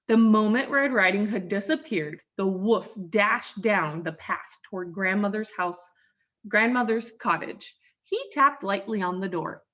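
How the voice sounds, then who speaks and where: Slow, expressive woman reading a storybook. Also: medium pitch. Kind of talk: storybook read-aloud for learners. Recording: dull lo-fi sound.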